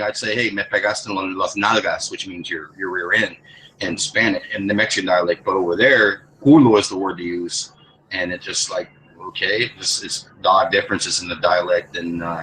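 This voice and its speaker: A man with a lowish voice talks loosely in a casual group chat. He rambles, swears freely and restarts his sentences again and again. A faint hiss of noise sits behind him. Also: steady tone, fairly quick, bright, forceful tone, low-quality recording. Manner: rambling, profane, many restarts. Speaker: lobby chat participant.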